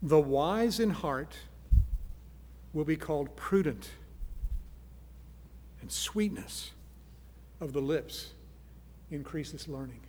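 A man's voice: fairly high pitch, expressive, takes it slowly, pauses often. Earnest man preaching in a reverberant hall. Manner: earnest, swings between soft pleading and loud emphasis. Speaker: pastor. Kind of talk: sermon.

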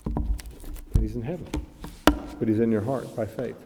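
A man's voice: lowish voice, steady tone, a little slow, gravelly, heavy background noise. Earnest preacher man in a reverberant hall. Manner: earnest, builds to loud emphatic peaks when reading and quoting. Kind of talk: sermon with read-aloud passages.

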